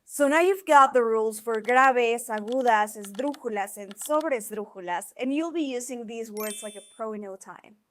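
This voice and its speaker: Woman teacher, kinda high voice, clear upbeat lesson talk, drags out the example words slow. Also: a bit bright, slight background noise. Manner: slows down to sound out example words syllable by syllable; clear, encouraging instructional delivery. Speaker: Spanish teacher. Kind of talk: scripted video lesson.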